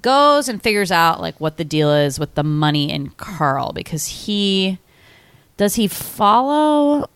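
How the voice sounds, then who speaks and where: A woman in her thirties with a low, smooth voice, recapping a movie plot as a podcast co-host. She rambles along with lots of fillers. The sound is dry and close. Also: very animated, unhurried, no room sound. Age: 30s. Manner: rambling, filler-heavy storytelling. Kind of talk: casual movie recap chat.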